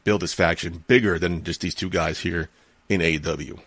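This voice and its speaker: A man with a low voice co-hosts a casual podcast, recorded dry with no room sound. He talks in an easygoing way, repeating words as he thinks aloud. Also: fairly even intonation, moderate pace, a bit bright, no echo. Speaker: podcast co-host. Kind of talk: casual wrestling podcast chat.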